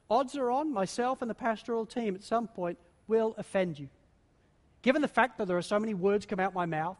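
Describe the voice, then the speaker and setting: A male pastor preaching a sermon, telling a story and swinging between hushed and loud for emphasis. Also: high voice. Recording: long reverb of a large hall.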